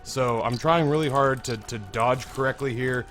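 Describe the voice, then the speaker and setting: A hoarse young man hosting a let's play, commentating in a rambling, candid way and swearing freely. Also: medium pitch, moderate pace, fairly bright tone, faint music behind. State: hoarse, strained voice. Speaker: gaming video host.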